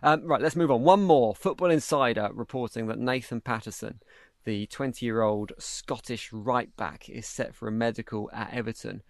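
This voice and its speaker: Gravelly male host, dry sound. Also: mid-range voice, normal speed, dry recording. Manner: laid-back, reads out transfer news. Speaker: podcast host. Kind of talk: casual football chat.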